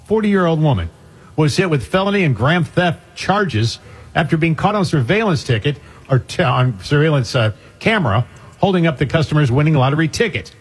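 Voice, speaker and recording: A man's voice: fairly high pitch, slightly rough. A man co-hosting a radio talk show, reading news items aloud with dry, sardonic asides. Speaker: radio co-host. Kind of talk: casual radio banter.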